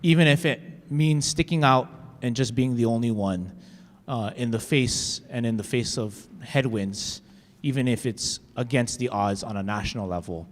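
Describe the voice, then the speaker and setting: A man's voice: mid-range voice, moderate pace. A man speaking as a state senator, paying a folksy tribute to a colleague with many fillers. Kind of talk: formal floor tribute. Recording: legislative chamber with long reverb.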